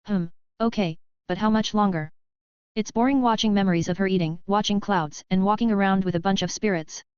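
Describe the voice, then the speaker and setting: A woman's voice: medium pitch, fairly quick, a little mellow, smooth, no room sound, natural voice. An impatient, curious young girl, voiced by a woman in an audiobook, a little whiny. The sound is dry, slightly dull and lo-fi.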